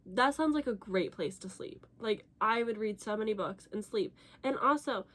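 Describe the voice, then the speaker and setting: A young woman vlogging casually about a book she is reading, with animated, dramatic reactions. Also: medium pitch, normal speed. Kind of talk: casual reading vlog chat.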